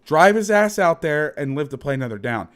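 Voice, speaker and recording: A man's voice: a little high, sing-song, a little fast, fairly bright tone, clear, resonant tone. A man hosting as a football coach, breaking down game film in a heated, profane, emphatic way, repeating his points.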